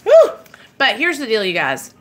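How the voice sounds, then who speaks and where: A woman's voice: fairly high pitch, huge pitch swings, normal speed. A young woman from Arkansas, speaking candidly and emotionally to viewers on a casual live stream about her recovery. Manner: emotional, candid, talks to viewers directly with frequent fillers and swearing.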